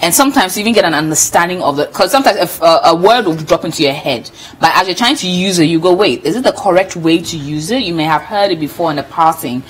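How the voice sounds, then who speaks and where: A woman's voice: fairly low pitch, quick pace, slightly rough, rough recording. A woman co-hosting a TV entertainment show, chatting casually and reading out comments with frequent laughter. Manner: animated, laughs often, reads comments aloud. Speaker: TV show co-host.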